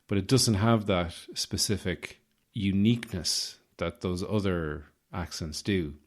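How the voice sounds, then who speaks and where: A man hosting a podcast, his voice slightly rough, rambling through an improvised comic monologue with self-mocking asides. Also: sits low, measured pace. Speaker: podcast host.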